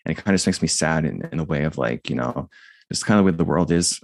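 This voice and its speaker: Monotone male, very low gravelly voice, meandering filler-heavy chat. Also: fast, no echo. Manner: rambling, many fillers and restarts. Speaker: jiu-jitsu YouTuber and guest. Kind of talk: casual conversation.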